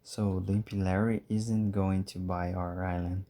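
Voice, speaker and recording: A man reading aloud and voicing a calm, sad island owner with no money in a storybook. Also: deep voice, a little slow.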